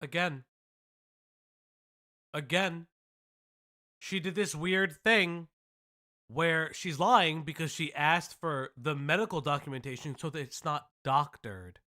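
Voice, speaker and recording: A man's voice: fairly high pitch, slow pace, pauses often, bright, forceful tone. A man hosting a casual online commentary show, blunt and sarcastic, swearing freely as he reacts.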